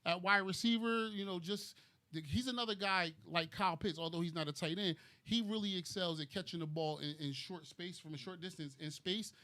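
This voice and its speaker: Hesitant man thinking out loud. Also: high-pitched, brisk. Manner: thinks aloud, hesitant, tags points with "right?". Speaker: podcast co-host. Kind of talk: casual sports chat.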